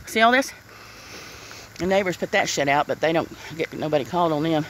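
A woman's voice: sits low, animated, fairly quick, a little hiss or hum, low-quality recording. A middle-aged woman, ranting bluntly and swearing in a casual outdoor vlog in the rain. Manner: upset, blunt, swears, says "honey" and "y'all". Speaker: vlogger. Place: outdoors in the rain by her yard.

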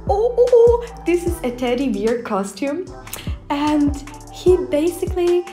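Giggly young woman with lively pitch. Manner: giggly, laughs often, playful put-on voices. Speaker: vlogger reviewing cat costumes. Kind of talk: casual reaction commentary.

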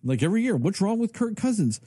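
A male podcast co-host rants in a casual, profane way, his pitch swinging widely. His voice is dark and a little husky. The sound is dry and close. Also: fast, no echo. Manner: profane, ranting, animated. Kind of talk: casual chat.

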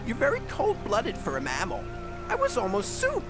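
A woman's voice: medium pitch, wildly swooping pitch, normal speed. A woman voicing a timid, fussy, mournful male mock turtle in a video game, with a quavering, prim voice. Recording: game audio under music.

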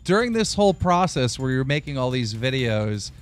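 A man's voice: mid-range voice, big pitch swings, moderate pace. Chatty male interviewer, faint music. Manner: eager, chatty questioning with "like" and "you know". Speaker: interviewer, host. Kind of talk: interview questions.

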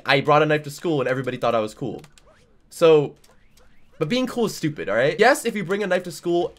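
A young man, a game streamer, rambling through stories in casual chat while he plays, full of "like" and "dude". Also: fairly high pitch.

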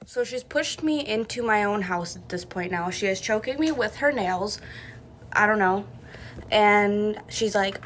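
A woman's voice: medium pitch, moderate pace, a little hiss or hum. A young woman telling a personal story in a blunt, matter-of-fact way, as a casual storytime to camera.

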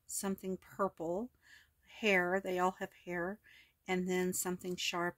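A woman host walking through her collage journal in a casual, rambling way, hoarse with her voice cracking, full of ums and self-corrections. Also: on the low side, a little hiss or hum. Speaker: crafting video host. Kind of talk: casual crafting walkthrough.

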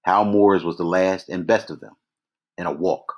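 Deep-voiced man reading a novel aloud. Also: fairly even intonation. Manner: measured, with occasional restarts. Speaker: reader. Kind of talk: read-aloud novel narration.

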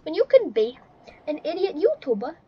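A young woman giving profane, ranting let's play commentary, breaking into shouts, in a noisy recording. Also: high-pitched, sing-song, normal speed, highs cut off. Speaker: gaming YouTuber.

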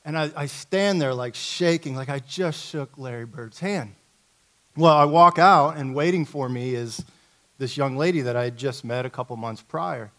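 A middle-aged man from Indiana, a coach giving a talk at a church, telling a story in a lively, conversational, self-mocking way. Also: mid-range voice, moderate pace. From Indiana, USA.

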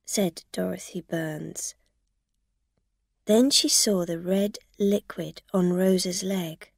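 A woman narrating a story for English learners in a calm, deliberate way. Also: on the low side, creaky, no echo, clean studio sound.

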